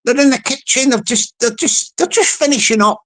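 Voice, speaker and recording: A man's voice: very high-pitched, moderate pace, fairly bright tone. A man telling a mocking comic story to his viewers, acting out the people in it and often repeating himself. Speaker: channel host.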